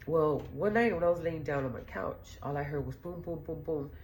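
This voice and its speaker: A woman's voice: low-pitched, fairly quick, a little mellow, a little hiss or hum. A middle-aged woman hosting a podcast, telling stories in a blunt, profane, rambling way and laughing as she goes. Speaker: podcast host. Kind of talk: casual storytelling monologue.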